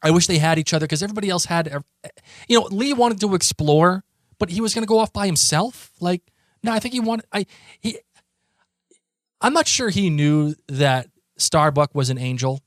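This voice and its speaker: Boston guy podcast co-host, rambly and excited, slightly high voice, dry close sound. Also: moderate pace, dry recording. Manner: rambling, excitable, many restarts. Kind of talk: casual chat.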